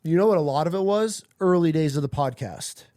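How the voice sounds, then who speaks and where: A man's voice: on the high side, a little fast, warm tone, no room sound. Man, podcast host, emotional and rambling, swears a lot, dry close sound. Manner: emotional, profane, rambling storytelling. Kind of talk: candid personal podcast talk.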